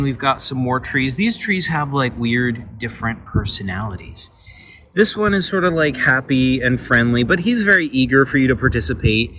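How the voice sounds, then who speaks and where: In a mid-range, fairly bright voice, a man casually shows off his paper game, rambling and filling gaps with "like" and "um." There's background music and slight background noise.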